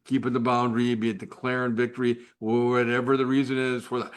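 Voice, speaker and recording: Male host, unscripted live faith talk, measured and slow, unpolished, frequent restarts and fillers. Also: mid-range voice. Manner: drops to a whisper at times.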